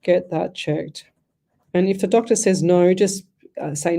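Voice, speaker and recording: A woman's voice: on the low side, fairly even intonation, unhurried, long pauses, warm tone. Chatty woman giving psychic readings. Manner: chatty, rambling, thinks aloud with many restarts. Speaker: radio host and psychic medium. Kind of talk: live radio psychic readings.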